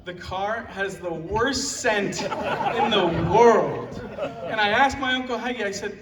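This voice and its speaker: A man's voice: sits high, slow, few pauses, a loud crowd. A young man giving a roast speech about his father at a live event, telling jokes and stories and laughing along with the audience. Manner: joking storytelling, laughing at his own lines. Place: large hall at a live event. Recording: echoey hall from far off, noisy.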